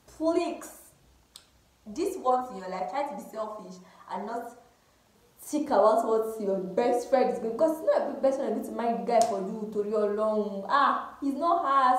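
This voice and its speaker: A woman tells a story to her viewers in a casual, chatty way, often repeating herself. Her voice sits high. The room around her rings with heavy echo. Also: a little mellow. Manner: chatty, repeats words, addresses viewers as girls. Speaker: vlogger. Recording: very echoey room.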